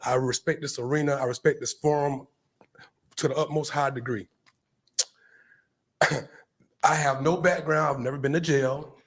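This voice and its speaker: A man's voice: on the high side, fairly even intonation, measured pace, long pauses. A man from Florida speaking at a county commission meeting podium in an emphatic public comment, repeating himself and addressing people directly. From Brevard County, Florida.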